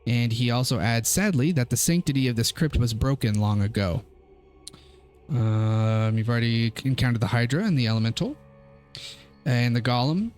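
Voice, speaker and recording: A man narrating as game master of a tabletop game, giving an easygoing, unhurried lore recap. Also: medium pitch, a little mellow, faint music behind.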